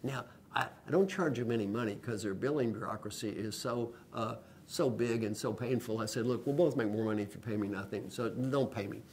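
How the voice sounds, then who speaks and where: A man's voice: mid-range voice, fairly quick, few pauses, a little hiss or hum. An older man, an executive coach, speaking in a lecture-style video blog and telling stories with acted-out quoted voices. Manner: animated storyteller who acts out quoted voices.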